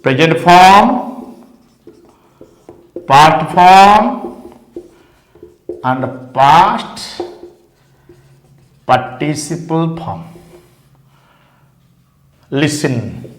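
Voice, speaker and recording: A man with an Indian English accent gives a grammar lesson in a high voice, drawing out every word very slowly. He repeats examples and spells letters one by one. The room around him rings with echo. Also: lively intonation. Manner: slow, deliberate, repeats words and spells letters out. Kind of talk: slow classroom grammar lesson. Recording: echoey room.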